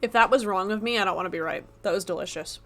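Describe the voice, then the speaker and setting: A young woman chats casually to her stream from an apartment desk, teasing and joking at her own expense. Her voice sits at an ordinary middle pitch, with faint music playing underneath. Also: quick pace, pushed and bright. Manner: chatty, playful, self-mocking. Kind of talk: casual live-stream chat.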